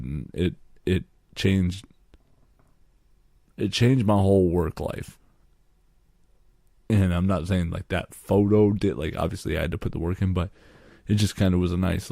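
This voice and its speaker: A young man with a low, gravelly voice rambles through a casual podcast Q and A, cursing freely and joking as he goes. His tone is dark and mellow, and the sound is dry and close. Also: no room sound. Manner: profane, rambling and jokey. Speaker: podcast host.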